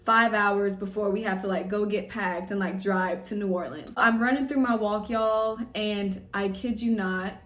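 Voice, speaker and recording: A young woman from Louisiana telling a story in a casual vlog, chatty and animated, full of "like" and "y'all". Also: mid-range voice, normal speed, hardly any pauses, far from the mic. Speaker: pageant vlogger. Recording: roomy echo, voice a bit off-mic.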